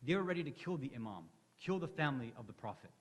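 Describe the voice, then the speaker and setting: A man's voice: mid-range voice, sing-song, fast, breathy edge. A man giving a religious lecture in a conversational storytelling way, acting out the lines of the people in his stories. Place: hall of an Islamic center. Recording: long reverb of a hall.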